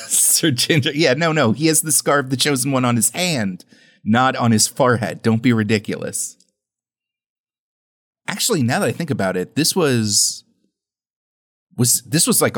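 Guy cracking dry sarcastic jokes during a movie watchalong, mid-pitched voice. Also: lively intonation, measured pace, pauses often, fairly bright tone. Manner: wry, sarcastic riffing. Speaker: podcast co-host. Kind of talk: casual movie watchalong chat.

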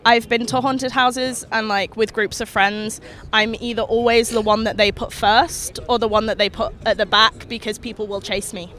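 Brief: young woman, frank and deadpan, street interview, traffic behind. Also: on the high side, normal speed, hardly any pauses. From England. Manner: frank, dry, matter-of-fact. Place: outdoors on a city street.

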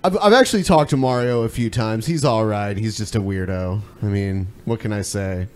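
A man hosting a live online show, talking in a relaxed, low-key way and dropping mumbled asides. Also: moderate pace, clean tone. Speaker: host. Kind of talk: casual live-stream banter.

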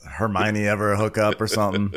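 A man's voice: lowish voice, completely flat delivery, brisk, a bit bright. A man co-hosting a podcast, recapping a reality show in chatty, sarcastic casual talk with rambling asides over a remote call. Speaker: podcast co-host.

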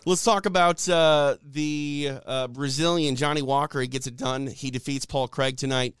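A young man co-hosting a combat sports podcast, chatting casually through the night's results. His voice is smooth and resonant, recorded close in a dry space with no room sound. He leans on fillers and restarts as he talks. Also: mid-range voice, steady tone, normal speed, fairly bright tone, no echo. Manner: chatty, frequent "uh" and "you know" fillers. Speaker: podcast host.

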